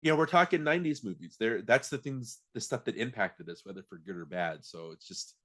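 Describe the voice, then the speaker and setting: A man's voice: on the low side, expressive, fairly quick, fairly bright tone. A man co-hosting a podcast, chatting casually about films in a rambling way, often restarting his sentences. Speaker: podcast co-host. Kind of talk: casual film chat.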